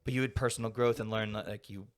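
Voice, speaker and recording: A young man with a slightly low voice rambles easily through a casual podcast conversation, leaning on filler words as his thoughts wander. He sounds like a relaxed guest chatting with a friend. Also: fast. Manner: rambling, heavy use of "like" fillers.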